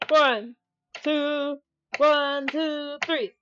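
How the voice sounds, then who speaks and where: A woman's voice: high-pitched, fairly even intonation, extremely slow, fairly bright tone, muffled recording, slight background noise. A sleep-deprived woman streaming, chatting casually between guitar practice, giggling, swearing and poking fun at herself. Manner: giggly, swears a lot, self-mocking.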